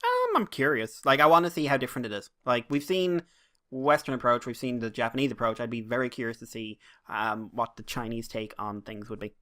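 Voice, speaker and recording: A man's voice: medium pitch, big pitch swings, a little fast, bright, forceful tone. An Irish man co-hosting a casual podcast chat. He rambles and rants, with plenty of swearing dropped in along the way. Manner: rambling, ranting, swears freely. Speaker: podcast co-host.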